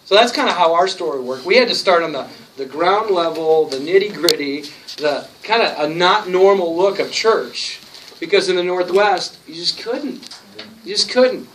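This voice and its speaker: A man telling stories from his work as a church planter at a conference talk, animated and acting out the people he quotes. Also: high-pitched, normal speed. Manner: storytelling, animated, acts out quotes. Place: conference room. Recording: distant mic with noticeable hiss.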